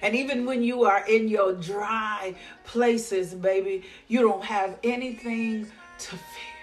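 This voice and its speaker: Woman preaching over soft music. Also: medium pitch, fairly even intonation. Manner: repetitive, rhythmic preaching with drawn-out phrases. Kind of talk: devotional sermon.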